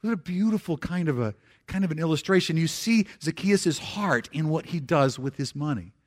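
A man giving a conversational sermon in church, slowing for scripture and dropping soft for emphasis, with frequent restarts. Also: fairly high pitch, lively intonation. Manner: repeats words and restarts phrases. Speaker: pastor.

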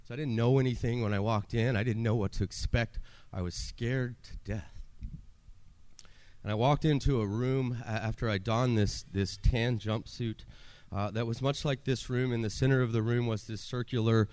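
A man's voice: fairly low pitch, a little mellow, clear, resonant tone, no room sound. A man in his forties telling his own life story to an audience as a personal testimony, earnest, acting out his past pleas.

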